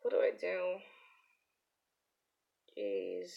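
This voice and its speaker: Slow-talking Polish-accented woman, chuckling. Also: lowish voice, completely flat delivery, vocal fry, dull audio. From Poland. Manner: chuckling often, muttering to herself while working. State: hungover. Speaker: artist streaming while drawing. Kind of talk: casual live-stream chat.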